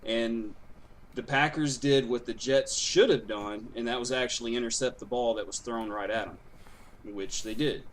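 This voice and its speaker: A man in a sports talk show cuts in to argue his points, with faint room sound in the background. His pitch sits in a middle range. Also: normal speed, slight background noise. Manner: argumentative, jumps in to push back. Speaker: sports podcast co-host. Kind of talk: casual sports chat.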